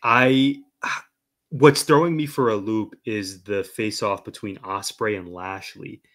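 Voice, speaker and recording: A man with a low, bright voice gives wrestling opinions on a casual podcast. He talks with animated emphasis, and his voice stays low and bright the whole way through. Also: slow. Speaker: podcast co-host.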